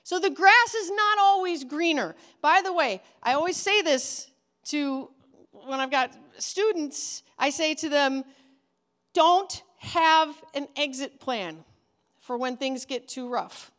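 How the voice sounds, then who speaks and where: A woman's voice: high-pitched, animated, takes it slowly, a bit bright. A woman giving an earnest, emphatic teaching talk to children's pastors in a conversational way. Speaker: ministry trainer for children's pastors.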